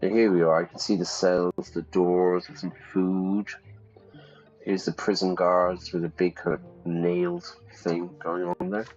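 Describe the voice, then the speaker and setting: A chatty man teaches English as he reads through a story game, often checking in with his listeners. His voice sits low, and the recording is slightly dull, with faint music in the background. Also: little pitch movement, unhurried, darkish tone. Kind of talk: reading a game aloud with vocabulary comments.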